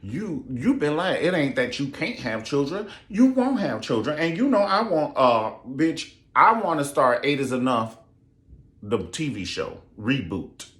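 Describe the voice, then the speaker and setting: A man's voice: big pitch swings, unhurried, a bit bright, roomy sound. A man voicing a bold young noblewoman in a comic retelling, sassy and profane in a raised voice. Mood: angry. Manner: sassy, profane, high-pitched. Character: bold newlywed young noblewoman, demanding and brash.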